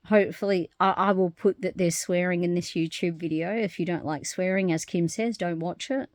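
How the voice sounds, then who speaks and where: A woman talking openly to camera in a casual vlog, animated and frank, swearing freely and laughing often. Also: medium pitch, no room sound, clean studio sound. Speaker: vlogger. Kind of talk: casual personal monologue.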